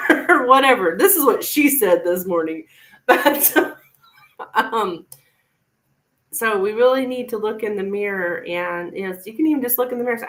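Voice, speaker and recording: Woman, tarot reader, live reading, chatty, reassuring, mid pitch. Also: expressive, a little slow, fairly bright tone, poor audio. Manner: chatty and reassuring, addresses viewer as hon. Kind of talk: live-stream reading, casual advice.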